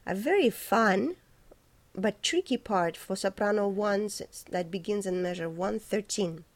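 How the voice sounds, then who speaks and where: A woman teaching a choir the diction of their parts, explaining slowly and precisely and breaking into high, light sung syllables to demonstrate. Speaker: choir director. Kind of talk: choral diction lesson.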